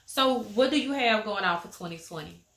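A woman's voice: mid-range voice, expressive, moderate pace, fairly bright tone, roomy sound. A middle-aged woman with a Southern US accent chatting frankly in a family vlog, lecturing like a mother. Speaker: vlogger, mother. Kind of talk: casual family vlog chat.

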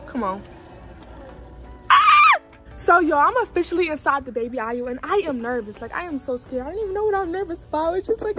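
Young woman, giggly, nervous, high lively voice, phone vlog in a store. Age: young adult. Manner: giggly, nervous and excitable, talks to viewers. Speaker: vlogger. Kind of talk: casual vlog chat. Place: big store, indoors.

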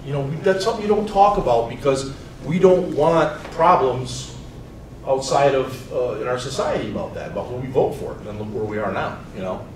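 A teacher in his forties telling personal stories to students in an animated way, swinging from loud to soft. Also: medium pitch, brisk. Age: 40s. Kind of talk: storytelling talk to students. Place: school hall. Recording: echoey room, mic far off, faint noise.

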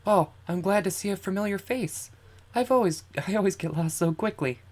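A streamer putting on a shy, gentle young girl. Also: medium pitch, brisk, voice pushed up, natural voice. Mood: earnest. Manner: soft, earnest reading of game dialogue. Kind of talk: reading game text aloud in character.

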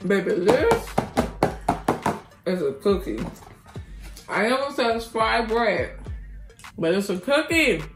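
An excitable, chatty woman doing a casual mukbang-style cookie review for her viewers. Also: fairly high pitch, slow pace, pauses often. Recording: roomy echo with faint music.

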